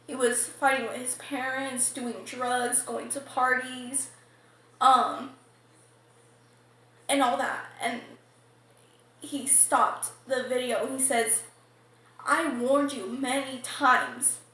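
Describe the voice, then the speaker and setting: A woman's voice: sits high, flat delivery, takes it slowly, long pauses, fairly bright tone. A woman hesitantly recounting a religious dream in a testimony interview, full of fillers and restarts. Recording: very echoey room.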